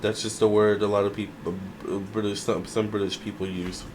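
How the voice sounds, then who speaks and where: A man's voice: on the low side, level tone, background noise. Musing man giving a tarot reading. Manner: musing, unhurried, many fillers. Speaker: tarot reader. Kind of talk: casual tarot reading to camera.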